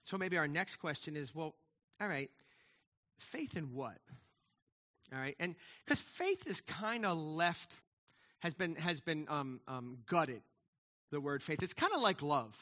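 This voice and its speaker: High, bright-voiced male pastor preaching. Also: animated, a little slow, long pauses. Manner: conversational preaching, many repeated words and restarts, asks "right?". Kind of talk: sermon.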